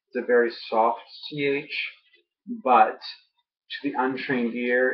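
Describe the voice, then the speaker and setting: A man's voice: mid-range voice, flat delivery, unhurried. A young man vlogging casually, groggy after dental work, rambling with many ums and uhs. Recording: muffled lo-fi home audio.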